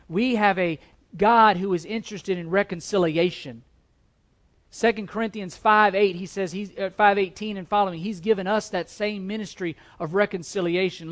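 Male pastor, sermon delivery: emphatic, repetitive, loud stresses and quiet drops, some stumbles. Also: high-pitched. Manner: stumbles and repeats words at times.

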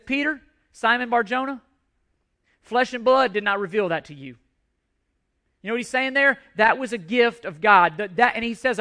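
A male pastor delivers a sermon with emphatic, repeated phrases and frequent restarts. His voice sits very high for a man. The tone is bright and forceful. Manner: emphatic preaching with repetitions and restarts.

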